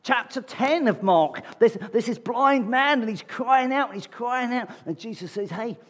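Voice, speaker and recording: Husky male preacher in a reverberant hall. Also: extremely high pitch, lively intonation, normal speed. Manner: conversational, asks the congregation rhetorical questions. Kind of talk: sermon. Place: church meeting hall. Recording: long reverb of a large hall.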